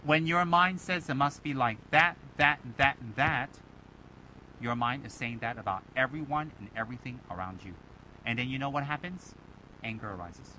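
A man teaching a Buddhist dharma talk, animated and rhetorical, mimicking his listeners' complaints. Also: mid-range voice, normal speed, a little hiss or hum, rough recording. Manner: animated, rhetorical, mocking imitations.

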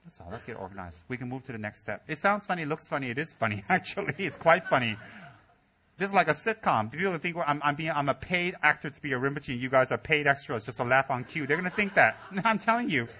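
A Buddhist teacher speaks at a quick pace with a breathy edge, delivering a funny dharma talk to students in a teaching center hall. His storytelling is animated, and he imitates his students with high squeals.

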